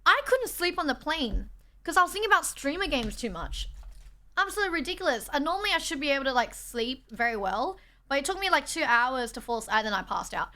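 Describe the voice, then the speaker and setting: Using a borrowed indoor streaming setup, a young Australian woman casually reads and thanks her chat. She speaks quickly in a high, very animated voice that sounds pushed and bright.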